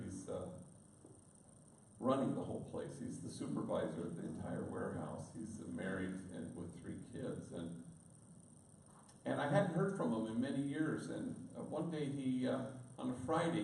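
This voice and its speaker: A man's voice: medium pitch, vocal fry, a little mellow, a little hiss or hum. A man, a priest, giving a storytelling talk to an audience and slipping in Spanish words. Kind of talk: storytelling speech. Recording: distant echoey room recording.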